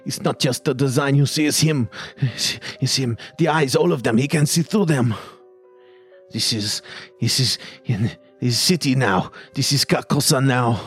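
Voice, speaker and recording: A man's voice: mid-range voice, measured pace, slightly rough, faint music behind, pitched above the performer's own voice. A man voicing a frightened, paranoid man raving warnings through a door in a tabletop game. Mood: frantic.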